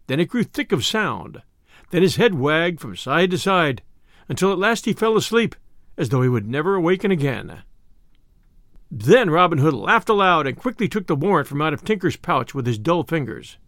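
A man narrating a classic adventure tale in an expressive, animated reading. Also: a little high, moderate pace, no echo, clean studio sound. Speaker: storyteller.

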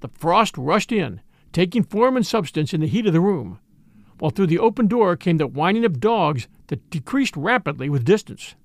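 Brief: male audiobook narrator, expressive reader, raised pitch, dry close sound. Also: moderate pace, dry recording. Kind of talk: scripted narration.

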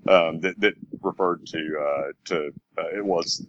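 A man's voice: deep voice, unhurried, fairly bright tone, a little hiss or hum. A man with a Southern US accent in casual chat, hesitant and laughing often. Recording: dry, dull lo-fi sound.

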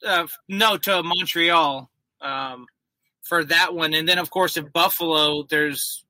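A man with a high, piercingly bright voice rambles and jokes in casual podcast talk. The sound is dry and close, with no room around it. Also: fairly even intonation, slow pace, no echo, low-quality recording. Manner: joking, rambling. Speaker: podcast co-host.

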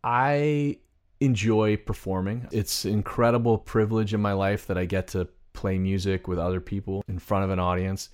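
Man, podcast co-host, earnest, deliberate, lowish voice, casual music chat. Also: fairly even intonation, a little mellow, smooth. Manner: earnest, deliberate, reads lyrics aloud.

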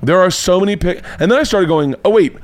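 Animated, foul-mouthed man telling stories. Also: quick pace, no echo. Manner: animated storytelling, swears freely, voice jumps higher when excited. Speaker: comedian podcast host. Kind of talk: casual comedic monologue. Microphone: podcast mic.

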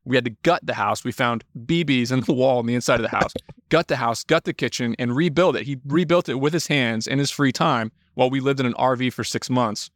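A young adult man, a podcast guest, telling animated stories in casual talk, swearing freely and acting out quotes. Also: mid-range voice, brisk, no room sound, clean studio sound. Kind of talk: casual storytelling.

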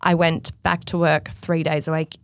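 A woman in her thirties tells lively stories about her home life and acts out the people she quotes. Her voice sits fairly low for a woman. The sound is dry and close, with no room around it. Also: moderate pace, dry recording. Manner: animated storyteller acting out quotes. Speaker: guest, fashion stylist. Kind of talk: casual podcast chat.

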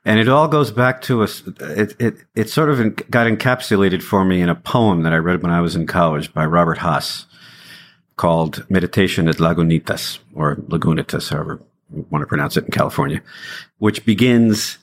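A man's voice: low-pitched, brisk. A middle-aged singer-songwriter talking in a thoughtful, conversational way as an interview guest, laughing easily and restarting his phrases.

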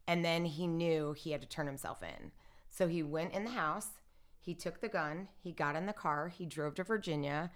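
A woman's voice: deep voice, moderate pace. A woman telling a personal story in casual conversation, acting out what others said and using lots of "like". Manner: animated retelling, acts out what others said; filler-heavy, lots of "like" and "I'm like". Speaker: interview guest.

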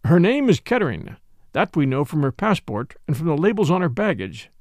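A man's voice: on the high side, sing-song, brisk, darkish tone, no room sound, studio quality. A man reading an audiobook voices a pompous, self-important French police commissary who speaks formally. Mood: grave.

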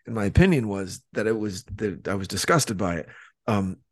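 A man's voice: on the low side, animated, moderate pace. A man co-hosting a podcast in casual chat, rambling with frequent restarts and plenty of swearing. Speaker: podcast co-host.

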